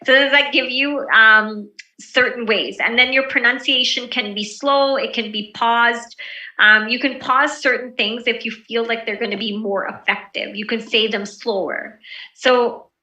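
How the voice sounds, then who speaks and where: A woman leads an online presentation skills class in a relaxed, encouraging way, often pausing on fillers. Her voice is bright and sits a little high. She sounds a bit distant from the mic in an echoey room.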